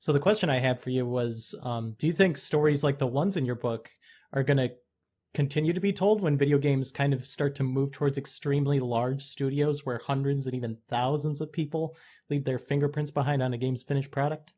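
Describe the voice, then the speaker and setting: Measured male podcast host. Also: medium pitch, a little mellow. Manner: measured, asks long questions. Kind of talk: casual podcast interview.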